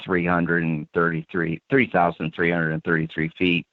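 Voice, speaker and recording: A man's voice: low voice, little pitch movement, moderate pace, dry recording. A man from central Pennsylvania calling in to a show, chatting in a rambling way with lots of fillers. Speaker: caller. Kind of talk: casual phone-in chat. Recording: tinny phone line.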